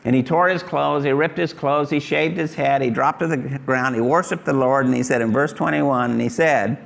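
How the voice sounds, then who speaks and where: A man's voice: mid-range voice, normal speed, vocal fry, few pauses. A middle-aged man preaching a sermon emphatically, acting out pleading prayers to God. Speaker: pastor.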